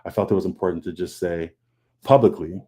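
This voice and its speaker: Guy on a video call panel, low mellow voice, earnest, keeps restarting and repeating himself. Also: fairly quick. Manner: earnest, repeats words, restarts often, acts out his own thoughts. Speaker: comic book artist on a publishers panel. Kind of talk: casual candid panel talk. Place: home over a video call. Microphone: video call mic.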